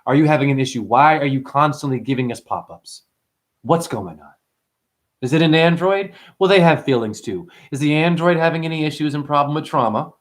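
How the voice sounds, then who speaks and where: A man who teaches numerology hosts a livestream and rants intensely at his viewers, swearing and preaching as he addresses them directly. His voice is on the high side and fairly quick.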